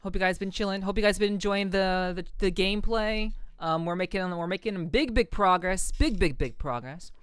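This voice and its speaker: A woman's voice: medium pitch, normal speed, hardly any pauses, clean tone, no echo, clean studio sound. A young adult woman streaming a game, chatting casually with viewers in a joking, profane way and often repeating herself. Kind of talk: casual gameplay chat.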